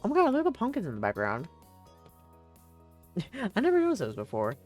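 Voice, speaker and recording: A woman's voice: medium pitch, wildly swooping pitch, fairly quick, a little mellow, faint music behind. A young woman streaming a game, chatting casually and reading the story aloud, rambling with many fillers and frequent laughs.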